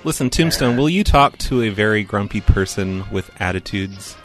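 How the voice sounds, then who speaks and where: A man hosting a group call, laid-back, telling others to keep quiet. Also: on the low side, animated, moderate pace, soft background music.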